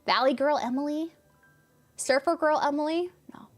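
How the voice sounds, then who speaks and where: A woman's voice: sits high, normal speed, faint music behind. A young woman from California with a light Californian accent, chatting casually on a game stream and answering chat with a rambling, laughing manner.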